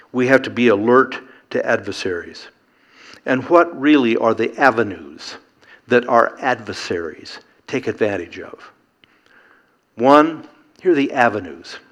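A man's voice: mid-range voice, a bit bright. A middle-aged man preaching a sermon, earnest and emphatic, building to rhetorical questions.

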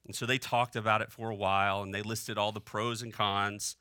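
A young man preaching a sermon in a relaxed, conversational way, often checking in with the congregation. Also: on the low side, normal speed, clean tone, no room sound, studio quality. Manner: conversational preaching, asks the room "right?". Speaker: pastor. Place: church hall.

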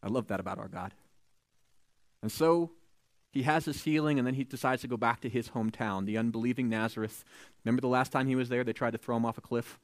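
A man preaching a sermon, retelling scripture with lively storytelling, acting out the quoted voices and adding joking asides. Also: mid-range voice, fast, no room sound, clean studio sound. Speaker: pastor.

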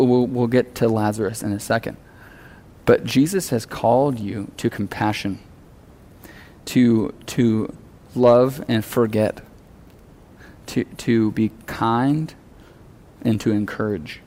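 A male pastor preaching a sermon in a relaxed, conversational way, earnest and often acting out the lines he quotes. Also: mid-range voice, measured pace.

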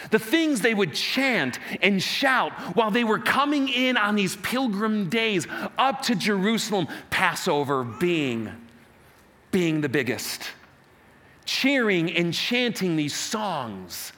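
A man preaching a sermon as pastor, animated, rousing his congregation in call-and-response. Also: sits high.

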